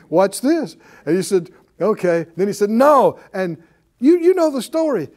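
Emphatic preacher man, lively high voice. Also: a little slow. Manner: emphatic, calls for responses from the class. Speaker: Bible teacher. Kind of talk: classroom-style sermon.

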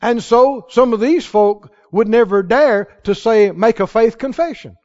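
The dull, lo-fi recording captures a pastor whose voice is very high yet darkish in tone, moving at a measured pace. He preaches emphatically and asks his listeners questions as he goes.

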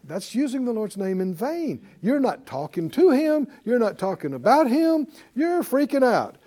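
A man preaches to a Bible class, calling out questions to the room and sometimes acting out panicked voices. His voice sits high and swings widely in pitch. The tone stays dark and mellow. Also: moderate pace. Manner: animated, addresses the class, acts out panicked voices. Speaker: Bible teacher. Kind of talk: sermon.

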